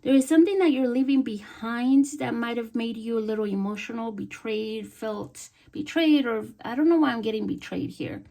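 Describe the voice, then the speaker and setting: A woman giving a casual tarot reading, soft-spoken and halting, with many fillers and repeated words. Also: a little high, creaky. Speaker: tarot reader.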